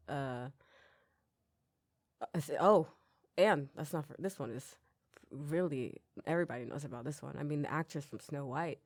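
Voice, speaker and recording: A woman's voice: low-pitched, a little mellow, no echo. A young woman hosting a podcast, chatting casually and with strong opinions, trailing off into little rants. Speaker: podcast host. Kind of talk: casual recommendation chat.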